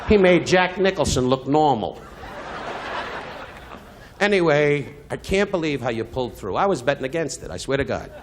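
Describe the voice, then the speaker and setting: A man's voice: on the high side, expressive, normal speed, pauses often, background noise. An older man doing a live insult comedy roast at a benefit, brash and teasing, switching to sincere asides. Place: benefit event hall.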